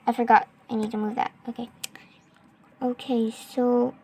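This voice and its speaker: A young woman casually narrating her gameplay, rambling with lots of fillers and excited gasps. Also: on the high side, measured pace, breathy edge. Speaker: gaming vlogger. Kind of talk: casual game commentary.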